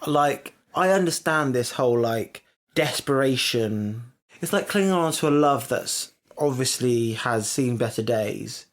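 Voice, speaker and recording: A man's voice: mid-range voice, animated, measured pace. A man co-hosting a casual podcast, given to incredulous outbursts. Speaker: podcast co-host. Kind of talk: casual chat.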